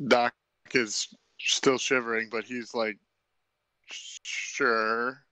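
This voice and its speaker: A man plays a tabletop game, his bright and smooth voice giving brief, matter-of-fact replies. The sound is dry and close. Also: mid-range voice, steady tone, normal speed, no echo, low-quality recording. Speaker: player. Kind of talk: casual tabletop play.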